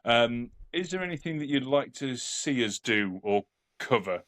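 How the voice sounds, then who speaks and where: A man's voice: mid-range voice, expressive, a little slow, a bit bright. A man co-hosting a casual podcast, rambling and repeating words as he thinks aloud. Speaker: podcast co-host.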